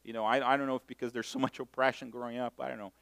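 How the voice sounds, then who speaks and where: A middle-aged man from Brazil, preaching a sermon and telling stories in a self-mocking, animated way. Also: medium pitch, rapid-fire, gravelly. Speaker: pastor. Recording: long hall reverb.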